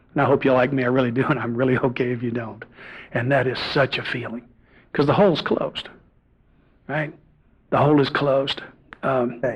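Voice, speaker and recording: A man's voice: mid-range voice, slightly rough. A middle-aged man giving a personal testimony at a recovery meeting, earnest and confessional, bantering with the audience in the room. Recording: dull lo-fi tape recording.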